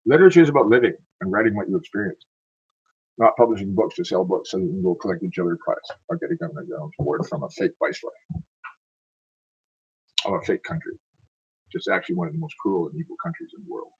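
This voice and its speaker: Rambling husky-voiced man, lo-fi. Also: fairly low pitch, very animated, fast, long pauses. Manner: rambling, digressive. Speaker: poetry reader. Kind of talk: informal poetry reading with spoken asides.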